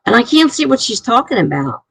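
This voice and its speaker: A woman's voice: a little high, sing-song, brisk, vocal fry, fairly bright tone, breathy edge, no echo, low-quality recording. A middle-aged woman streaming live, chatting casually and chuckling as she reads out viewer comments.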